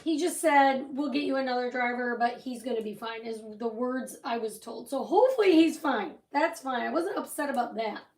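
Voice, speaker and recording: A woman's voice: on the high side, expressive, normal speed, few pauses, distant mic. A woman hosting a casual crafting livestream, telling a rambling story with lots of asides while she paints. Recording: roomy echo, voice set back from the mic.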